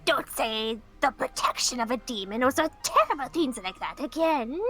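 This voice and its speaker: A woman reading aloud as a gentle, protective church caretaker who reassures softly. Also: sits high, animated, normal speed. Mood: scolding. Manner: soothing, reassuring. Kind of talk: reading a story game aloud in character.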